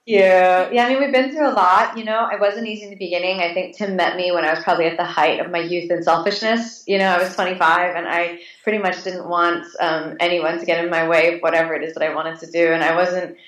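A woman's voice: on the low side, quick pace, few pauses. Chatty woman in an echoey room. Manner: animated, many restarts and fillers, acts out her own reactions. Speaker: interview guest. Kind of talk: casual conversational storytelling.

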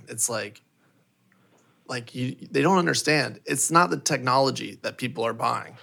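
Man, gravelly creaky voice, casual guest, filler-heavy, emphatic. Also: medium pitch, normal speed. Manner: relaxed, many fillers, builds up emphatically. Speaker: company head, podcast guest. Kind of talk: casual chat.

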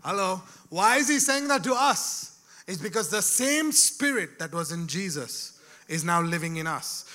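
A man preaching a sermon, dropping to a hush and rising to shouts, calling out to his listeners. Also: sits high, sing-song, measured pace. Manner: swings from hushed to shouted, calls out to the crowd.

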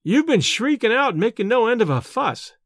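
A nervous young male student frets in a raised, agitated voice, as a man reading an audiobook puts him on. The voice sits high and leaps about in pitch. The recording is dry and close, with no room sound. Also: sing-song, moderate pace, fairly bright tone, no echo, heavily acted. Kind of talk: audiobook character voice.

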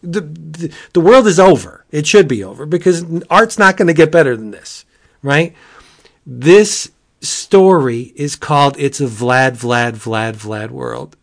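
A man reviewing comic books in casual podcast chat, gushing and excitable, jumping to high exclamations. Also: unhurried, vocal fry.

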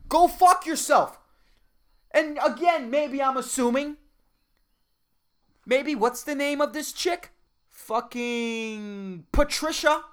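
A woman hosting a comedy podcast on her own, ranting with heavy swearing, swinging between loud outbursts and muttered asides. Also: sits high. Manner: profane, heated ranting. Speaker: podcast host. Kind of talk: comedic solo podcast rant.

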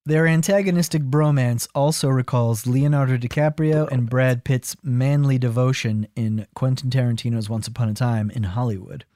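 A man's voice: mid-range voice, fairly even intonation, normal speed, few pauses, warm tone, dry recording, studio quality. A man co-hosting a comedy podcast, reading a film review aloud between jokes and laughter. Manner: reads review passages aloud, breaks into laughter. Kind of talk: casual comedic chat.

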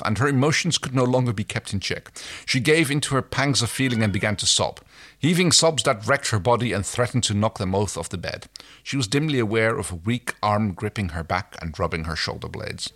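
A podcast co-host reads fan fiction aloud playfully during a casual chat, laughing now and then. His voice is on the low side and fairly bright, with lively intonation and a brisk pace.

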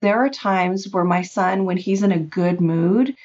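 A woman's voice: fairly low pitch, a little slow, a little mellow. Woman talking candidly, dull lo-fi sound. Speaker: parent guest on a parenting podcast. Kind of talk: candid conversational chat.

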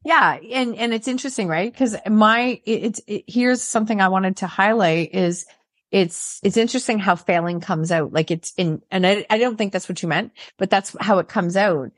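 A woman's voice: medium pitch, moderate pace, no room sound, studio quality. A woman hosting a podcast, reflecting on and affirming her guest's story in a conversational way. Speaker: podcast host. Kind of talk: conversational interview.

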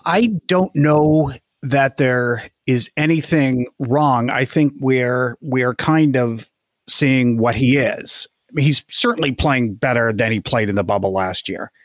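A man co-hosting a sports podcast, measured and thinking aloud with frequent restarts. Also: medium pitch, dry recording, clean studio sound. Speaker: podcast co-host. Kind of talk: casual sports podcast chat.

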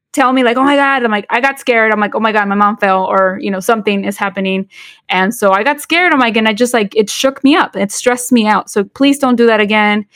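A woman's voice: mid-range voice, fairly bright tone, dry recording, clean studio sound. A woman, co-hosting a podcast in casual chat, switching between English and Spanish with lots of fillers and restarts. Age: 40s. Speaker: podcast co-host.

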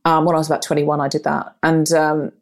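A middle-aged woman telling a personal story in casual chat, acting out voices with big jumps in pitch. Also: fast. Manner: animated, acts out her own and others' lines with big rises in pitch.

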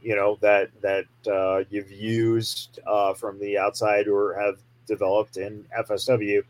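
Man, podcast interviewer, casual, halting and filler-heavy, fairly low pitch. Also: little pitch movement, rough recording. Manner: halting, with many fillers and restarts.

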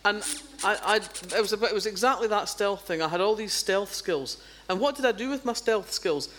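A woman's voice: medium pitch, lively intonation, fairly quick, slight background noise. A Scottish woman from Fife, a novelist guest chatting casually, often restarting sentences and chuckling. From Scotland, Fife. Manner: hesitant, repeating starts, chuckling. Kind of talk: casual chat.

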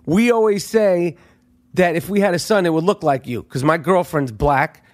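A middle-aged man hosting a podcast, telling a story in a profane, animated monologue that swings between loud outbursts and hushed asides. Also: fairly high pitch, brisk. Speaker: podcast host.

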